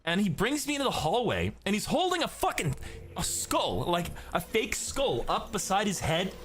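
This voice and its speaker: A young man rambles and swears his way through gameplay commentary, his voice rising and falling a lot as he goes. There's a steady hiss of noise running under him the whole time. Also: sits high, normal speed. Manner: profane, rambling storyteller. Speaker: gaming streamer.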